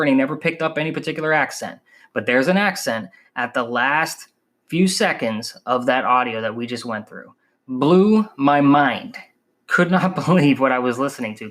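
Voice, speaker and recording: A man from the northern United States hosting a podcast, telling the story in an animated, emphatic way. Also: mid-range voice. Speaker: podcast host. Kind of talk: podcast narration.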